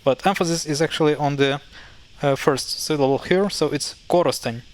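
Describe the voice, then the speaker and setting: A language teacher gives a casual lesson explaining pronunciation, sounding hesitant and using many fillers and self-corrections. His voice is a little high, at a moderate pace.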